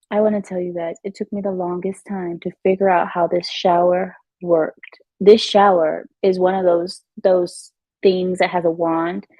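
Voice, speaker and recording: A woman's voice: lowish voice, dark tone, no echo, poor audio. A woman giving chatty, emphatic commentary on her vlog at home. She often repeats herself and laughs. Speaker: vlogger. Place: at home in her new house.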